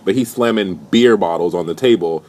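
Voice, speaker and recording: Deep-voiced young guy ranting and cussing through a reality show recap. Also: normal speed. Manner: profane, animated, indignant storytelling. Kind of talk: casual recap rant.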